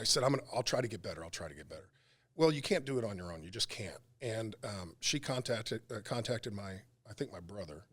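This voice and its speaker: In a podcast interview, this middle-aged man, who co-hosts a radio talk show, shares something personal in a fairly low, slightly bright voice. His telling is emotional and halting, broken by many pauses.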